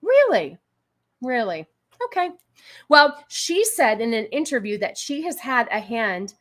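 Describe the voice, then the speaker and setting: A woman with a fairly high voice runs her live stream in a loose, casual way. She argues with chat in an exasperated tone and stops to thank donors. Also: expressive, unhurried, fairly bright tone. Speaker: livestream host. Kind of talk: casual political commentary stream.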